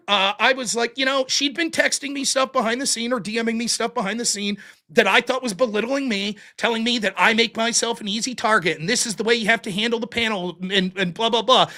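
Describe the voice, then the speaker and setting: A man with a strikingly high, bright voice talks as a guest on a casual show. He tells his side in a blunt, profane, animated way. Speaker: guest streamer and debater. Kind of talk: casual podcast conversation.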